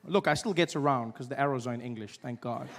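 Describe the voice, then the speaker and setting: A young man from Africa, performing an animated stand-up routine in a live venue and breaking into shouted voices. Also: mid-range voice, fast talker, big-room sound, background noise. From South Africa. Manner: animated, acts out voices with sudden shouts and laughs. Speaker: stand-up comedian. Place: live comedy venue with audience.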